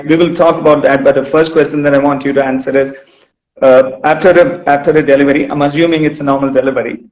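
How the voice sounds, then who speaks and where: A man's voice: on the high side, a little mellow. A man hosting an interview as a running coach, rambling and restarting with repeated words. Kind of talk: casual interview chat. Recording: roomy echo.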